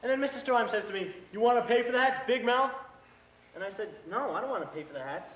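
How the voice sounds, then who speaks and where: This young man's voice is extremely high-pitched and fast as he portrays an earnest, hot-headed eighteen-year-old brother on a school stage. Indignant, he tells a story with animation and mimics his boss. Faint hiss and auditorium echo are audible.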